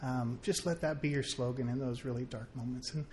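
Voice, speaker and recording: A man telling a rambling, animated personal story at a faith gathering, full of fillers and restarts. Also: medium pitch, brisk, slight background noise. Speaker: friend sharing a story.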